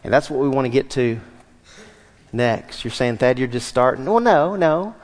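A man preaching a verse-by-verse sermon as pastor, animated and asking the congregation questions. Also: medium pitch, moderate pace. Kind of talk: expository sermon. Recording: long hall reverb.

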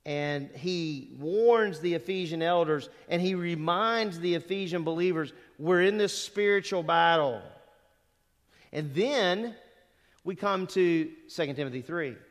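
A man's voice: fairly high pitch, a little slow. A middle-aged man preaching a sermon in a church, talking in a conversational way with rhetorical questions and asides. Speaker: pastor. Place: church sanctuary. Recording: long reverb of a church hall.

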